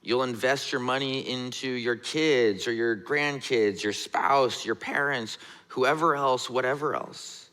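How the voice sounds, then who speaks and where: A man's voice: medium pitch, unhurried, bright, forceful tone. A man in his thirties, a pastor, giving a sermon in a conversational, relatable way, often checking in with "right?". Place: church sanctuary. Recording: church hall reverb.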